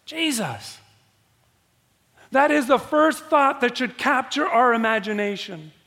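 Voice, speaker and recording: A man preaching a sermon as a pastor, emphatic, repeating key phrases with dramatic pauses. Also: very high-pitched, lively intonation, bright, forceful tone, in a large hall.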